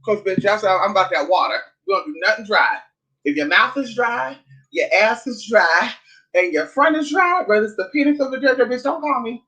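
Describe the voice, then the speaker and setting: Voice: mid-range voice, a little fast, bright, forceful tone, rough recording. A vlogger talking in a sassy, blunt, casual way, swearing often and calling listeners honey and girl. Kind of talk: casual chat vlog.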